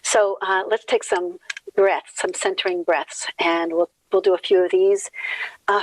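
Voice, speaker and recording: A woman minister leading a guided meditation, speaking gently and unhurriedly as she counts out breaths. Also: on the low side, level tone, measured pace, no room sound, low-quality recording.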